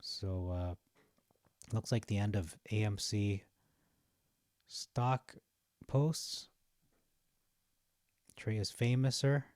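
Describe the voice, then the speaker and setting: A man's voice: on the low side, extremely slow, long pauses, darkish tone, no room sound. A young man giving casual, rambling commentary on his vlog while browsing, chatty and often laughing at his own jokes. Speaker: stock market vlogger.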